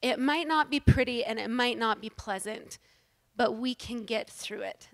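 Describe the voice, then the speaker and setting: A woman giving a humorous, self-deprecating inspirational talk to a live audience on stage, animated and joking. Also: fairly high pitch, unhurried. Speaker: inspirational speaker at a women's event.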